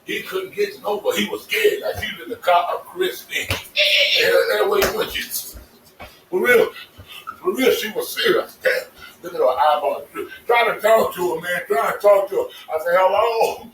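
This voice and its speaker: A man telling casual stories to his vlog audience, animated and laughing, cursing freely as he talks. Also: sits high, moderate pace. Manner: animated, swearing, laughing storyteller. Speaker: vlogger. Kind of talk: casual storytelling monologue. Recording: echoey, distant mic with faint noise.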